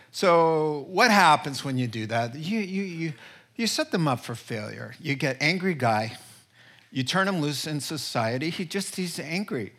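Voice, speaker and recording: A middle-aged man preaches a sermon as a pastor, with a bright, slightly high voice. He tells stories playfully and chuckles at his own jokes.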